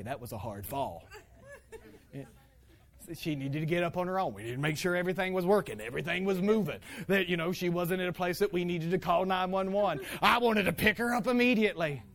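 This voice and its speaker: A man preaching to a congregation, telling playful stories about his family with laughter and lively acting-out. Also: high voice, fast, few pauses. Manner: animated, playful storytelling with laughter. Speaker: pastor. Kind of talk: sermon with personal stories.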